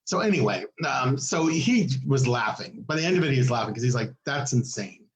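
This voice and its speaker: A man co-hosting a podcast, telling a story in casual chat and acting out the people in it with big swings in his voice. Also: fairly quick. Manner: animated, acts out quoted people with big pitch jumps. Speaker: podcast co-host. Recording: echoey room.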